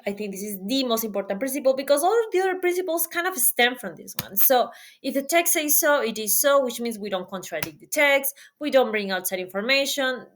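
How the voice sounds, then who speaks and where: A woman teaching a test prep reading lesson in a casual video, lively and asking viewers questions. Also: on the high side. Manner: lively, asks viewers questions and pauses for them.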